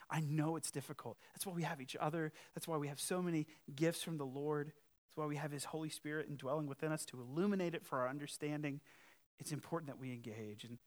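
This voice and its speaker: A male pastor preaching a sermon, emphatic, with conversational asides and rhetorical questions. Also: on the high side. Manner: emphatic, swings from loud challenge to quiet earnest appeal.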